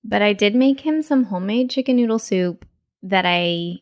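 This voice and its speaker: A woman co-hosting a podcast in casual chat, bubbly and enthusiastic, quick to laugh. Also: medium pitch, highs cut off. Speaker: podcast co-host.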